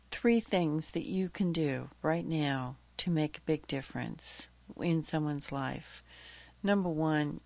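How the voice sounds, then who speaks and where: A woman hosting a health radio show, speaking in an earnest, steady, informative way. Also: low-pitched. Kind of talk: scripted radio talk.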